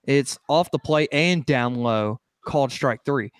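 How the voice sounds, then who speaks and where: A man's voice: medium pitch, unhurried, smooth. A man co-hosting a sports podcast, casually walking listeners through a replay.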